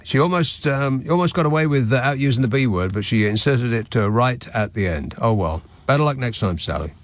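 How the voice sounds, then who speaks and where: A man's voice: mid-range voice, lively intonation, fairly quick. A man hosting a radio phone-in, talking in a dry, wry, conversational way. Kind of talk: radio talk show. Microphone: studio microphone.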